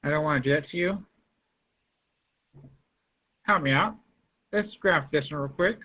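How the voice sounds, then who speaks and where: A male math teacher leads an online lesson, calling on students by name and pressing them to respond. His voice sits a little high and husky. It comes through a tinny, phone-like line from a video call. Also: a little slow. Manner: coaxing, calls students by name. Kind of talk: online class lecture.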